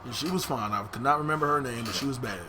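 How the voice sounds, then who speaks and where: A man's voice: medium pitch, fast talker, crowd noise. A young man hosting a podcast, telling a story casually, profane and laughing as he goes. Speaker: podcast host. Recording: faint background noise.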